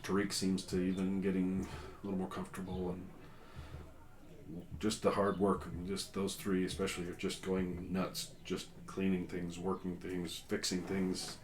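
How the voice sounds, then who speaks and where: A man narrating as game master in a relaxed, rambling way with many filler sounds. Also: low voice, moderate pace.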